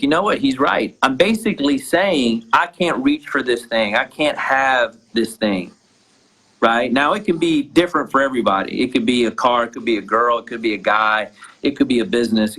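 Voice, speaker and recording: A man at a middle pitch tells a personal story in a casual, animated way. He restarts often, repeating words as he goes. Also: moderate pace, poor audio. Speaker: guest entrepreneur.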